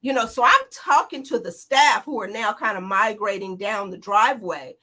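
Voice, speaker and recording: A woman in her forties, a guest in an interview, retelling a frightening escape in an animated, tumbling way, full of quoted dialogue. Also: mid-range voice, moderate pace. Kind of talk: emotional personal account.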